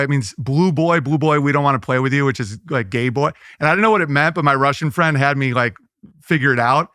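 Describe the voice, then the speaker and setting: A male comedian talks in a loose, riffing way, full of "like" fillers and quick restarts. His voice sits a bit high and comes across bright and forceful. The recording is dry and close. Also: no echo. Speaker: comedian guest. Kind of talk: casual interview chat.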